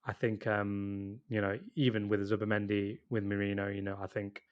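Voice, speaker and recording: Man, young adult, podcast co-host, casual football chat, hesitant, lowish voice. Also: flat delivery, moderate pace, smooth, dull audio. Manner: hesitant, full of you-knows and restarts.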